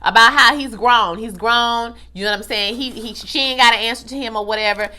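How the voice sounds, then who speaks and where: A young woman rattles through a TV recap in a bright, forward voice, slangy and animated. She keeps acting out the characters' lines as she talks, with a casual, conversational flow. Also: fairly high pitch, fairly quick, hardly any pauses. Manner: animated, slangy, acts out dialogue. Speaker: TV recap vlogger.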